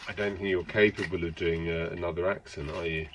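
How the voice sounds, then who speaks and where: A man's voice: low voice, steady tone, a little fast, noisy background. A man, an artist and vlogger, talking casually to an AI assistant in a hesitant, stop-start, irritated way.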